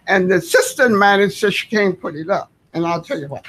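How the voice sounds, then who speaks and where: A woman's voice: mid-range voice, fast, fairly bright tone. A woman, speaking as a tenant during public comment at a board meeting, earnest, folksy and insistent. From Southern United States.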